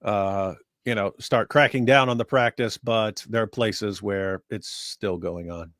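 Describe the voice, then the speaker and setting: Deadpan ironic man on a livestream. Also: lowish voice, unhurried, no room sound, clean studio sound. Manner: deadpan, ironic, tries impressions. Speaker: livestream co-host. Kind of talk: casual livestream chat.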